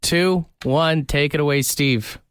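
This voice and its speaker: A man's voice: on the high side, takes it slowly, fairly bright tone, smooth, dry recording. A man from Canada hosting a morning radio show, upbeat and laughing often as he runs a call-in game. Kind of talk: casual morning radio banter.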